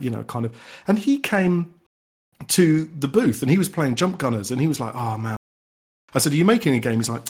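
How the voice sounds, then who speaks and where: An indie game developer answers podcast interview questions with eager enthusiasm, his medium-pitched voice quick and a bit breathy. He rambles and keeps restarting his sentences.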